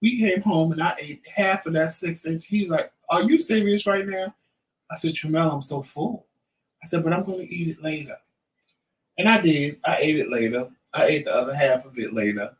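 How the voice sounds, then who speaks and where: In poor audio from a distant mic, a man in his fifties hosts a vlog at a moderate pace with a fairly high voice. He recounts a story casually, playing out the other people's lines as he goes.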